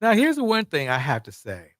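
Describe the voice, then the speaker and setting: A man's voice: a little high, huge pitch swings, a little fast, dry recording, clean studio sound. A man hosting livestream commentary, emphatic and repeating words for effect. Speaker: commentary host.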